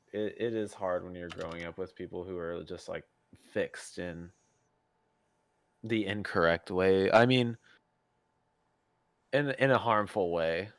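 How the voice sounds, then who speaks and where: A man who is a guest on a casual podcast, laid-back, laughing often and calling the host "dude". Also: low-pitched.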